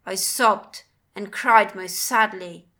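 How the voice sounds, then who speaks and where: A woman narrating a first-person audiobook with measured, earnest storytelling. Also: medium pitch, bright, forceful tone.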